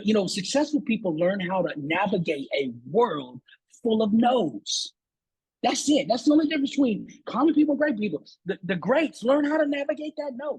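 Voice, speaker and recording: A man with an unusually smooth, resonant voice, telling a motivational story in an animated, preachy way. He swings his pitch up when he gets fired up and often doubles his words. He speaks like a guest on a talk show, building toward a lesson. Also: low-quality recording.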